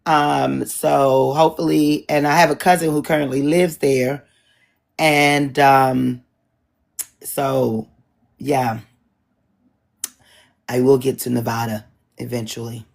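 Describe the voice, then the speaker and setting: A middle-aged woman moderating an online town hall, chatting casually with a husky voice and joking asides. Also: a bass voice, fairly even intonation, slow pace, long pauses. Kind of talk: casual chat to an audience.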